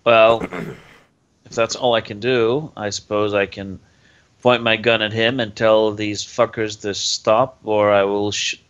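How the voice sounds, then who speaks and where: A man's voice: fairly low pitch, little pitch movement, slow, a bit bright, clear, resonant tone. A man playing a tabletop game, talking hesitantly and often trailing off. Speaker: player. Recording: dull lo-fi sound.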